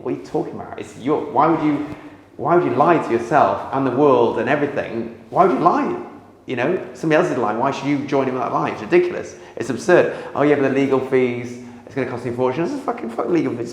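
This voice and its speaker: A man's voice: mid-range voice, quick pace. A man, a comedian guest, animatedly telling a story in an interview and acting out the dialogue. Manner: animated, acts out dialogue, laughs at his own story. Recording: echoey room with long reverb.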